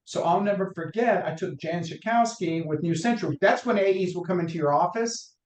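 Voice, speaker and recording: A man's voice: sits high, brisk. A middle-aged man from North Carolina with a Southern accent, a guest on a podcast interview who tells long career stories with many restarts. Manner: rambling anecdotes with restarts, acts out quotes. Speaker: guest, mortgage lender. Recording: roomy echo.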